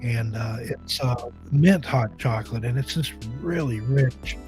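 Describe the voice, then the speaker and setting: A man's voice: medium pitch, measured pace, over music. A man hosting a casual live-stream chat show, joking and rambling with a slightly scratchy throat. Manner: easygoing, joking, rambling with restarts. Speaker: podcast host.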